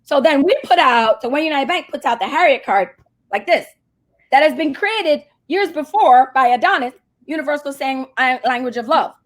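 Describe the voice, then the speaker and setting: High-voiced animated woman telling a story. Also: moderate pace. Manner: animated, acts out quoted voices. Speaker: marketing agency CEO, guest. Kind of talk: casual interview storytelling.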